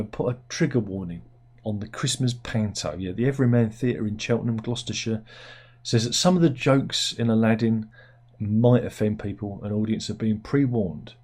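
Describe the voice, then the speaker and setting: A man's voice: fairly low pitch, darkish tone. A British man hosting a satirical news commentary, rambling along with jokey asides as he reads out headlines. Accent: British English. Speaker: host.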